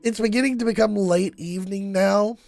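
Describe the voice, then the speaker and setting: A man's voice: sits high, steady tone, fairly quick, vocal fry, a little mellow, faint music behind. A young man narrating a tabletop game as game master in a casual way, full of fillers.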